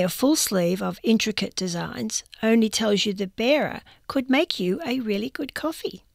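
A woman reads a humorous magazine column aloud in a wry, dry storytelling manner. Her voice has a gravelly texture, and the recording is close and dry. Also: mid-range voice, no echo. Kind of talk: reading a first-person column aloud.

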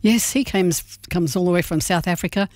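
A woman's voice: on the low side, moderate pace, no room sound. Chatty woman on community radio. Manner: chatty and warm, rambling a little. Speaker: radio co-host. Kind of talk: casual radio chat and gig guide. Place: radio studio.

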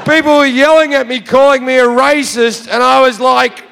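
A man's voice: extremely high pitch, steady tone, normal speed, vocal fry, a bit bright, clear, resonant tone. An Australian man telling a profane stand-up story, brash and swearing freely, recorded live in a reverberant hall. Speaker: stand-up comedian.

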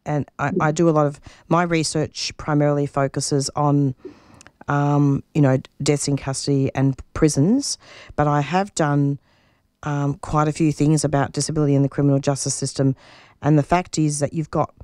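A woman's voice: low voice, fairly even intonation, normal speed, a little mellow, no echo, clean studio sound. A middle-aged woman who answers interview questions earnestly and reflectively, often restarting her sentences while she searches for words. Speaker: radio show producer and interviewee.

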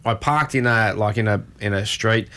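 A man's voice: lowish voice, normal speed, fairly bright tone. Rambling Australian man telling stories. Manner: rambling anecdotes with many restarts. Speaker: radio co-host. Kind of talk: casual chat, storytelling.

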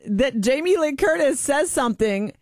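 A woman's voice: sits high, animated, moderate pace, a little mellow, dry recording, clean studio sound. A woman hosting a radio show, chatting casually and telling stories with animation. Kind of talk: casual chat.

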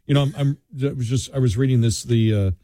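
A man's voice: mid-range voice, fast, mellow, no room sound. A middle-aged man co-hosting a talk radio show, rambling with many fillers and restarts. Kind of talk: casual talk radio banter. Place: radio studio.

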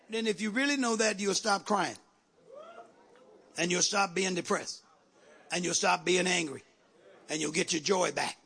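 A man preaching a sermon in a church, calling out to the congregation and rising to shouts. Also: sits high, normal speed, vocal fry, long pauses, breathy edge. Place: church sanctuary.

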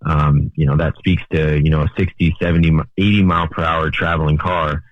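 A man, a highway patrol officer, answering questions as a radio interview guest, with many ums and uhs. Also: little pitch movement, fairly quick, no echo. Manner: hesitant, many fillers. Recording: tinny phone line.

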